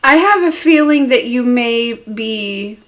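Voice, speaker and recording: A woman's voice: a little high, animated, slow, a bit bright. A woman giving a live tarot reading, rambling and hesitant with many fillers. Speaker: tarot reader. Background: dog in the room.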